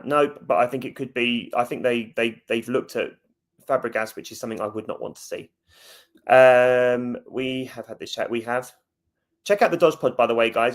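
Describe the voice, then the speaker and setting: A man hosting a fan livestream, chatting casually and jokingly, answering viewers' comments. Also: mid-range voice. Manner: chatty, jokey, talks straight to viewers. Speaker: fan channel host.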